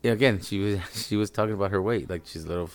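A man's voice: on the low side, very fast, clean tone. A man chatting as a podcast guest, rambling and swearing freely as he tells stories, full of fillers. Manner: rambling, profane storytelling with many fillers. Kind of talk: casual podcast chat.

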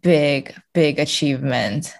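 Low-voiced chatty woman podcast guest. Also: slow pace, gravelly. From China. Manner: chatty, many fillers and restarts, laughs often. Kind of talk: casual podcast chat.

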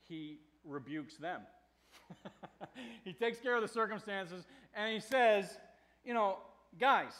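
Animated high-voiced American preacher. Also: male voice. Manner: animated storytelling with laughs and shouted quotes. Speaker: pastor. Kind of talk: sermon.

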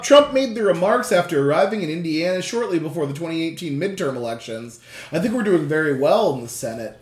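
Quiz host, casual chat, laughs often, swears, very lively pitch, echoey room. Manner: laughs often, swears, loud dismayed reactions. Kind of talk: casual quiz chat, reading questions aloud. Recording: roomy echo.

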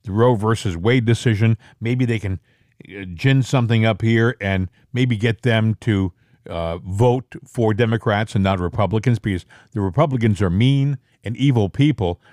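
On a political talk show, a male co-host shares emphatic opinions in a casual, chatty style, raising his pitch whenever he stresses a point. His voice is a little mellow and moves at normal speed. The recording is dry and studio quality.

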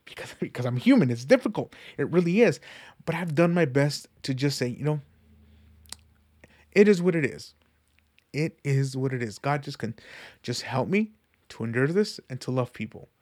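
A young man sharing a personal faith testimony in an earnest, animated, conversational way, often repeating himself. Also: on the high side. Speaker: church member sharing testimony.

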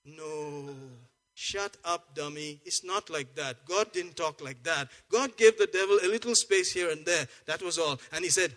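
A male pastor preaching a lively, joking sermon, swinging from soft asides to loud exclamations. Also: fairly high pitch, unhurried.

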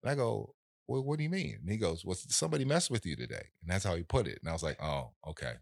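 A man in casual conversation, telling a story in an animated way and acting out the voices of people in it. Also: deep voice, fast, vocal fry, no room sound, studio quality.

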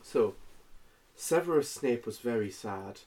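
A man casually reading fan fiction aloud for laughs, halting and tripping over words. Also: medium pitch, lively intonation, darkish tone.

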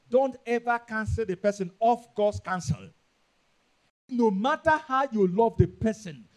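A man with a Nigerian accent preaching a sermon, emphatic and repetitive, rising into loud bursts. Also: extremely high pitch. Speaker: pastor.

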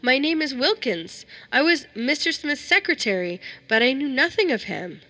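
Woman reader as terrified male secretary in a spoken story, high, desperate pleading. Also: sing-song, normal speed, bright, forceful tone, exaggerated voice.

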